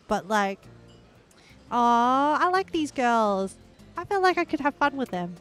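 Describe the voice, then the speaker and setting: A woman's voice: a little high, slow, soft background music. A young adult woman live-streaming a game, chatting casually and rambling with lots of filler words. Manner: bursts into excited squeals and laughs.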